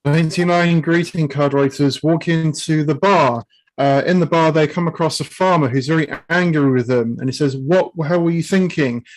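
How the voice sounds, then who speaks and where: Man telling jokes in a slightly high voice. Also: moderate pace, low-quality recording. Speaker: improv player.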